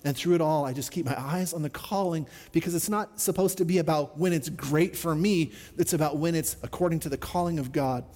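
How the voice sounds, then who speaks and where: A man's voice: a little high, fairly quick, hardly any pauses, darkish tone, in a large hall. A middle-aged man preaching a sermon as a pastor, in an earnest, conversational way with repeated refrains.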